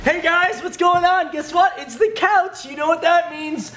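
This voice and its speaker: A young man with a Canadian accent hosting a casual group chat, excitable and jokey. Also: very high voice, measured pace, background noise. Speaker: show host.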